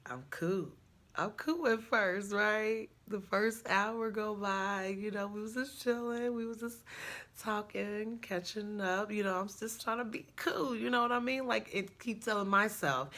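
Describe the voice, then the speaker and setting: A woman's voice: mid-range voice, measured pace, a bit bright. A young woman telling a personal story in a casual, frank, chatty way, laughing often. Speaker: storyteller vlogger.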